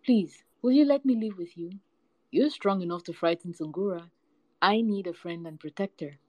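A woman's voice: on the low side, normal speed, mellow, no room sound, highs cut off, lightly acted. A woman voicing a small, lonely male cat in a storybook folktale, eager and pleading with bigger animals.

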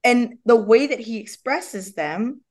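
A young adult woman, a guest on a podcast, telling personal stories in a casual, animated way and acting out the voices of people in them. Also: on the high side, slow. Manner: animated, acts out quoted dialogue. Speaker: guest, movement method founder. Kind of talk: casual storytelling interview.

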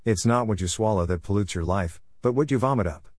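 A man's voice: lowish voice, fairly quick, darkish tone, no echo, clean studio sound, natural voice. A man reading the words of a stern, plain-spoken male teacher during a scripture reading, with his voice a little raised. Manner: blunt, plain-spoken rebukes.

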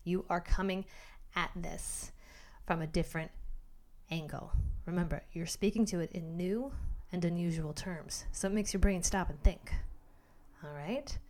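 A woman podcast host giving animated motivational talk, speaking straight to the listener in a coaching manner. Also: on the low side, unhurried.

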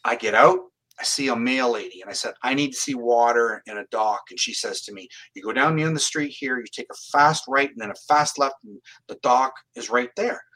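A man from Canada tells his stories as an interview guest, earnest and plain-spoken. His voice is bright and forceful, at an ordinary pitch. He often doubles back and restarts his phrases. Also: a little fast, few pauses, low-quality recording. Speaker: psychic medium guest. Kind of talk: storytelling in an interview.

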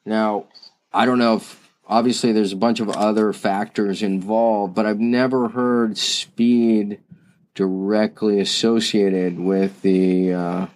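A man's voice: fairly low pitch, flat delivery, takes it slowly, a little mellow. Enthusiastic man co-hosting a chat. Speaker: podcast co-host. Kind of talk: casual business chat.

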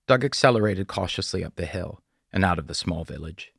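Man, audiobook narrator, very low voice, gravelly, dry close sound. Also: no room sound. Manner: measured, steady storytelling. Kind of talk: scripted narration.

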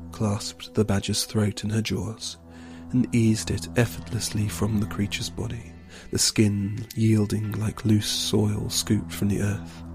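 A man narrating an audiobook fantasy story in an even, hushed storytelling manner. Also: lowish voice. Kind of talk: scripted narration. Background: background music.

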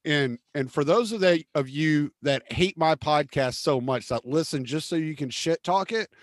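A man's voice: a little high, moderate pace, no room sound. A man hosting a casual podcast, ranting with constant profanity and a combative edge. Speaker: podcast host.

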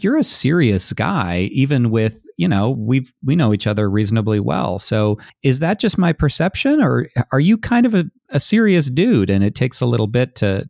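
A male podcast host conducts a conversational interview, speaking thoughtfully and reflectively with frequent restarts. His mid-range voice has vocal fry and a darkish tone, recorded in studio quality with no room sound.

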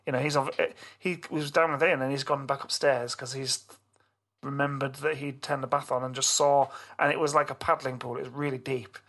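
Gravelly man telling stories. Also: mid-range voice, a little fast. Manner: animated storytelling, swearing, laughing. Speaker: podcast co-host. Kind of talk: casual chat.

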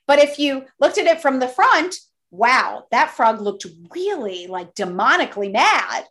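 A middle-aged woman, a toy company co-founder, telling animated stories as an interview guest. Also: high voice, unhurried. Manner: animated, enthusiastic storyteller. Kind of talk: interview storytelling.

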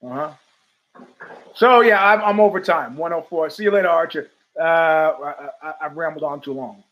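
Animated high-pitched male podcast host. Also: normal speed, dull audio. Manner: animated storytelling with voiced quotes and laughs. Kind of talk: rambling casual monologue.

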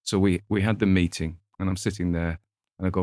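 A man's voice: deep voice, fast talker, a little mellow, no echo, clean studio sound. A middle-aged man hosting a casual book talk, wandering into anecdotes with chuckling asides. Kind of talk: casual rambling book chat.

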